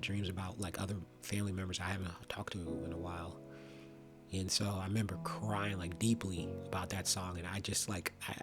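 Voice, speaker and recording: A young man speaking earnestly and reflectively about his own experience, with frequent pauses and restarts. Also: deep voice. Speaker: vlogger. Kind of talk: personal testimony monologue.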